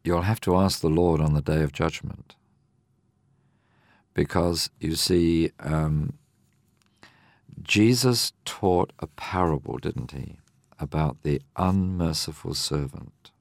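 A man, older, explaining a Bible parable in a measured, teaching way on a discussion program. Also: a bass voice, darkish tone, dry recording, studio quality. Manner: measured, explanatory, reads scripture aloud.

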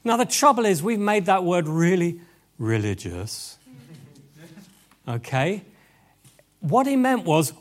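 Guy preaching, high voice that swings all over, bursts out with exclamations. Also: slow, pauses often. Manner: animated, exclamatory, talks straight to the audience. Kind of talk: lively sermon. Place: event hall with tables.

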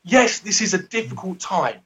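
A man's voice: high voice, lively intonation, normal speed, a bit bright. A man giving an earnest, rambling devotional talk who often laughs at himself. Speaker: guest speaker.

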